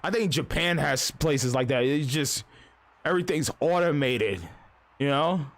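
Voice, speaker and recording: A man's voice: fairly high pitch, unhurried. A man live-streaming, ranting casually and profanely in a rambling, storytelling way.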